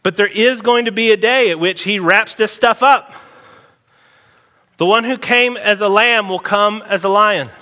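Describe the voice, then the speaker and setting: A man preaching a sermon as pastor, emphatic and animated, with sudden loud outbursts. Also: sits high, unhurried. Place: church sanctuary. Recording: long hall reverb.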